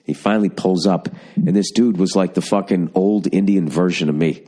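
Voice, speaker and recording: A man's voice: low voice, moderate pace, warm tone. A man hosting a podcast, telling rambling, profane stories in casual chat. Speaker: podcast host.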